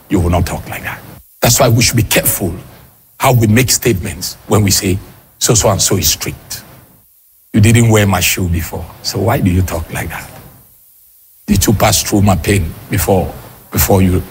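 A man preaching a sermon as pastor, switching between shouted, sing-song peaks and low, quick asides to the congregation. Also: slight background noise. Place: church.

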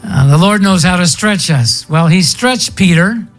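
A man's voice: high-pitched, expressive, unhurried, soft background music. A male pastor preaching a sermon in a conversational storytelling way, drawing out words for emphasis.

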